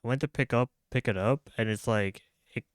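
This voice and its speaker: Talking a little fast at a medium pitch, a young man loosely chats and rambles with restarts and slang as he plays on a live stream. He uses a studio mic with a pop filter, giving studio-quality sound with no room sound.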